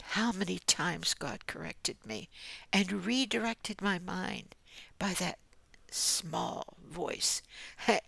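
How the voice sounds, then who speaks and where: An older woman giving a gentle devotional message, often dropping into a soft whisper and laughing lightly as she speaks. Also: mid-range voice, creaky, no echo. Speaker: Christian speaker.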